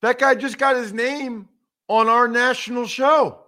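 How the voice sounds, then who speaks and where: Brief: male sports podcast co-host, high bright voice, animated and chatty. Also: a little slow. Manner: animated, conversational, self-mocking. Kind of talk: casual sports talk.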